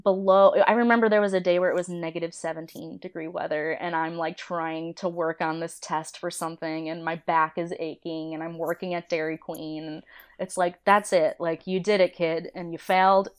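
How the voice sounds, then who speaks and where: A woman in her thirties talks casually as a podcast guest, recalling her early career. Her voice sits a little low and sounds smooth and clear. She tells stories animatedly, laughing and slipping into the voices of the people she quotes. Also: little pitch movement, normal speed. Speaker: interview guest, storyboard artist. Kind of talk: casual chat.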